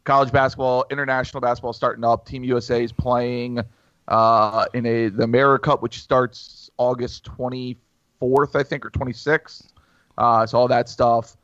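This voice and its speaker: Halting man on a dull, lo-fi mic. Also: medium pitch, level tone, a bit bright, no echo. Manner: halting, full of ums and uhs. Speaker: podcast regular, basketball blogger. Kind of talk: casual podcast chat. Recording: slightly dull, lo-fi audio.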